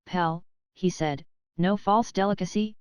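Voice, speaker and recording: A woman reading the part of a pompous, boastful middle-aged male attorney who rambles and clears his throat. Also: lowish voice, a little slow, dry recording, natural voice.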